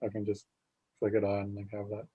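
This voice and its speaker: A young man chatting as a podcast guest, relaxed and hesitant, often trailing off quietly. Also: lowish voice, a little fast, husky, narrow, tinny audio. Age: young adult. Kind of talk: casual podcast chat.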